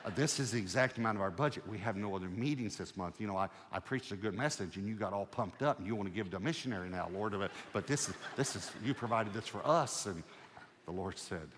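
Pastor, male, lower register, storytelling sermon, conversational with light humor, long hall reverb. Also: quick pace, slight background noise.

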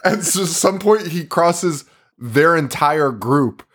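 A man's voice: on the high side, expressive, takes it slowly, fairly bright tone, slight background noise. Gleeful, swearing man recapping a movie. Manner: laughing, profane, gleeful recapping. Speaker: podcast co-host. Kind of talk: casual movie-review chat, retelling plot.

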